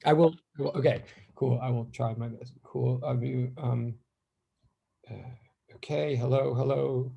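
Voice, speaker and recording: A man's voice: medium pitch, fairly even intonation, a little slow, creaky, husky, lo-fi sound. A man in his fifties, a physics teacher, chatting casually and rambling with his class as students join. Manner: rambling, chatty, self-deprecating.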